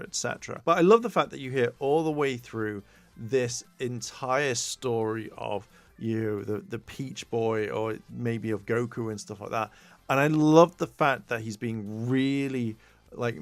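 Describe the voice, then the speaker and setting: A man's voice: medium pitch, dry recording. A man casually recapping a TV episode for a podcast, rambling with lots of fillers and acting out the characters' lines. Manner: rambling, fillers, loose quoted impressions. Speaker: podcast co-host reviewing a tokusatsu episode.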